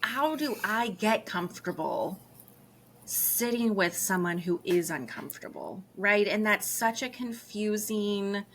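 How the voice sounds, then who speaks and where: A woman's voice: medium pitch, animated, unhurried, a bit bright, a little hiss or hum. A woman hosting a podcast interview, reflecting aloud in a casual, supportive way. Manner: supportive, frequent affirming backchannels. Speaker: podcast host.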